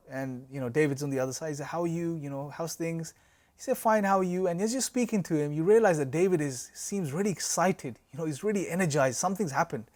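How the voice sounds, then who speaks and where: Male lecturer, slightly high voice, explanatory, leans on rhetorical questions and analogies. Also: a little mellow. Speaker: course teacher. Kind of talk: recorded religious lecture.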